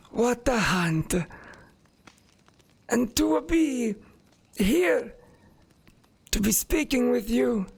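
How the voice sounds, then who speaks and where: A man voicing a frail old man in a wheelchair, who speaks formally and stately, with hesitant pauses. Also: very high-pitched, vocal fry, darkish tone, breathy edge, voice pushed up, full character voice.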